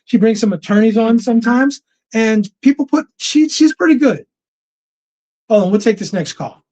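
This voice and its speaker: On dull, lo-fi stream audio, a man hosts a casual livestream at normal speed. His voice is very high and a little mellow, and he rambles in slang, laughing and starting over now and then.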